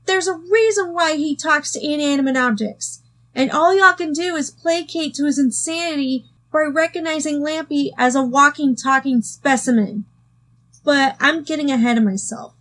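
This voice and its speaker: A video reviewer delivers a sarcastic rundown of a cartoon episode, packed with wry asides, as faint music plays underneath. Her voice sits high and a little bright, moving at a normal speed.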